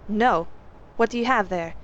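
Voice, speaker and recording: A woman reads a stern guard captain with a measured, questioning manner. He sounds grave and methodical. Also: medium pitch, highs cut off, slight background noise, close to an everyday voice.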